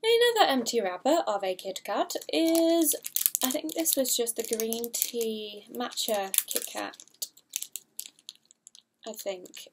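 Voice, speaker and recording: A woman's voice: on the high side, big pitch swings, takes it slowly, noisy background. A young woman, chatting casually through a haul video, rambling and giggly, unsure of product names. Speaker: vlogger.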